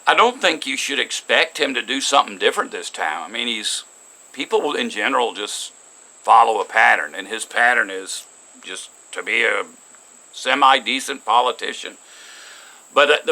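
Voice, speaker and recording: A man delivers an unscripted opinion monologue with a gravelly, fry-laced edge. His tone is tense and cutting, and his pitch sits in an ordinary male middle range. He rambles through false starts and fillers, then grows earnest and sermon-like when he quotes scripture. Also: sharp tone, low-quality recording. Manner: rambling, with many restarts and fillers. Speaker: online commentator.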